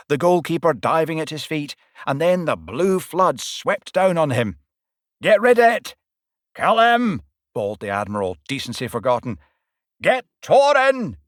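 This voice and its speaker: A man narrating a first-person audiobook with animated, dramatic storytelling that rises and falls with the action. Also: no echo, clean studio sound. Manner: animated, swings pitch and loudness with the action.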